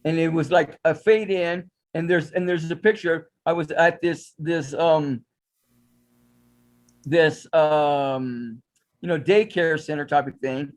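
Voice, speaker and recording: A man's voice: fairly high pitch, steady tone, slow. A man, a psychic astrologer, telling his story as a guest in a casual interview, in a meandering way.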